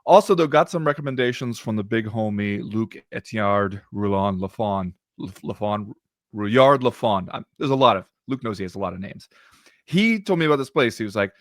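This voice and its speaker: An American man co-hosting a podcast, telling stories in an animated, casual way with some swearing. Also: on the low side, normal speed, no echo, clean studio sound. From United States. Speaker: podcast co-host. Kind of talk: casual chat.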